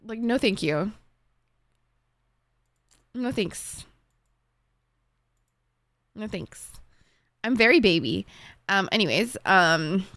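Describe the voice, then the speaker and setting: A woman's voice: mid-range voice, a bit bright, no echo. A young woman streamer chatting casually with her viewers, full of "like" and frequent swearing. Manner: chatty, swears a lot, fillers like "like". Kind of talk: casual live-stream chat.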